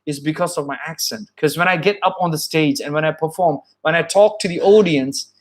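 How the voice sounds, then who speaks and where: A man's voice: fairly high pitch, fairly quick. A man with a British-influenced English accent, hosting a casual live stream as an English tutor and speaking earnestly, often repeating and restating his points. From born in Saudi Arabia, studied in India.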